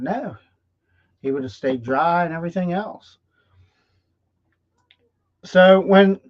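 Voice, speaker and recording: A male host tells a folksy motivational story, drawing out his words very slowly and checking in with "okay?" again and again. His voice sits somewhat high for a man. The sound is muffled and lo-fi, as on a live stream. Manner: drawn-out and folksy, often asks "okay?". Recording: dull lo-fi livestream audio.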